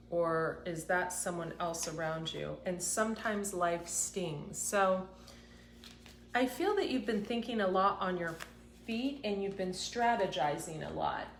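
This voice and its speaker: Woman doing a card reading, lowish voice, slow and earnest, a bit teary, echoey room. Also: slight background noise. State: tearful, close to crying. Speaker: intuitive card reader. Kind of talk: tarot-style card reading to camera.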